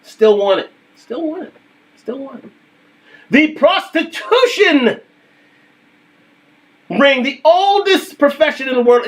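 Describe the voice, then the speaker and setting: A man's voice: extremely high pitch, a bit bright. A young adult man hosting a casual livestream, talking emphatically and repeating his points. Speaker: livestream host.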